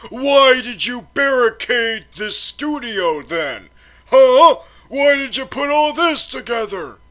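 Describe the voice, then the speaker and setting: A man's voice: very high-pitched, lively intonation, takes it slowly, sharp tone, full character voice. A man voicing a skeptical male sidekick who needles with pointed questions. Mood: needling.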